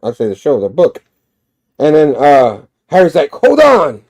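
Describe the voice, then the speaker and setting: A man's voice: medium pitch, animated, normal speed, dark tone. A man reviewing a comic, retelling its story animatedly with sound effects and frequent laughs.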